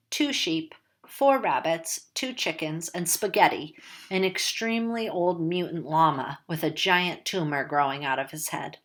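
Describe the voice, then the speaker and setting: A woman narrating a first-person novel with a slightly low voice. Her delivery is casual and wry, like someone chatting about her own life. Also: fairly bright tone. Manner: casual, wry, conversational storytelling. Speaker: audiobook narrator.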